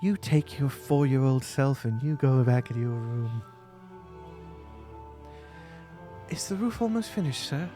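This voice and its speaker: A man's voice: medium pitch, normal speed, dark tone, faint music behind, natural voice. A man voicing a weary, apologetic gnome mother. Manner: hesitant, apologetic, polite. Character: weary, polite gnome mother of young kids.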